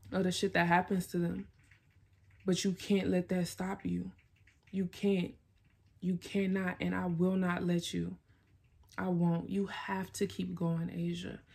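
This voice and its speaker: A woman's voice: fairly low pitch, creaky, a little mellow, breathy edge. A woman vlogger giving herself a blunt, emphatic pep talk, swearing and repeating herself for emphasis. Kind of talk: self-directed pep talk.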